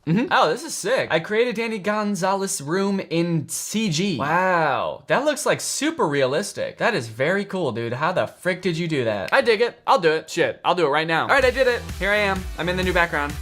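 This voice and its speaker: A young man in his twenties doing comedic commentary on fan posts, sarcastic and deadpan with sudden excited outbursts. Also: sits high, normal speed, faint music behind. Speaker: commentary host.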